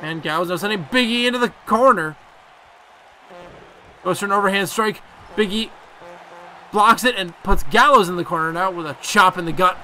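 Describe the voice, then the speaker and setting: A young man giving excitable play-by-play commentary on a video game wrestling match, casually swearing. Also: high voice, normal speed, long pauses, a little hiss or hum. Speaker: gameplay commentator.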